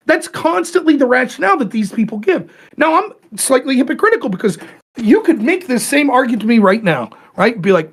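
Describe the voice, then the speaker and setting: A man in casual podcast chat who argues his politics with heat and plenty of swearing. His pitch swings widely as he makes his points, rising sharply when he pushes back. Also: brisk, slightly rough. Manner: animated, profane, argumentative. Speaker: podcast host.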